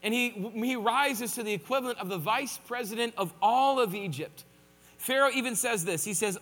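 A man's voice: very high-pitched, normal speed, fairly bright tone, long reverb tail. A man preaching a sermon in a conversational way, with joking asides. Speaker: pastor.

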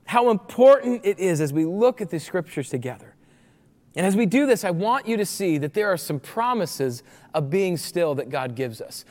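A man in his forties, a pastor preaching a sermon, telling the story in an animated way and acting out voices of the people. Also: sits high. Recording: long reverb of a large hall.

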